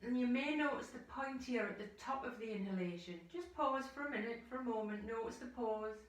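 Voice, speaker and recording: Soft-spoken woman guiding yoga breathing. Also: fairly high pitch. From United Kingdom. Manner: slow, soothing cues with audible sighing breaths. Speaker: yoga teacher. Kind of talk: guided yoga instruction. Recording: echoey room, voice from far off the mic.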